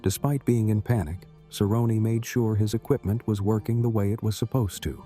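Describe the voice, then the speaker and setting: A man giving a scripted voice-over narration in an even, explanatory way. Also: fairly low pitch, moderate pace, soft background music.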